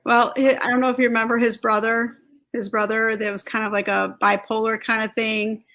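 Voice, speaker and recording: A woman co-hosting a casual chat, answering in a relaxed way with many fillers. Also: fairly high pitch, brisk. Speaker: co-host.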